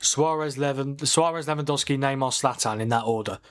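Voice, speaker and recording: A man with a mid-range voice, talking a little fast, hosts a livestreamed football watchalong, chatting loosely and taking on viewers' comments in debate.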